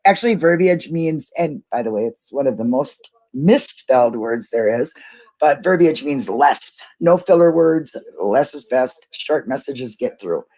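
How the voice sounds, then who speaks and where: A woman's voice: a bass voice, expressive, unhurried, mellow. A woman hosting a casual livestream, rambling and laughing as she talks to her viewers. She gets emotional easily. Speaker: YouTube livestream host.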